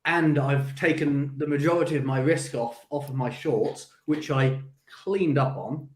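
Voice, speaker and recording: A man who runs a crypto company, speaking in a measured, cautious way on a livestream. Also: mid-range voice, echoey room. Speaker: guest, company CEO. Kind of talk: casual crypto livestream chat.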